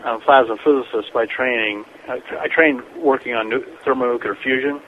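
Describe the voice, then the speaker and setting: Rambling scientist guest on lo-fi radio. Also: male voice, medium pitch, fairly quick. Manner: rambling, animated anecdote-telling with frequent restarts. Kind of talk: casual radio interview. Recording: dull lo-fi radio broadcast with faint noise.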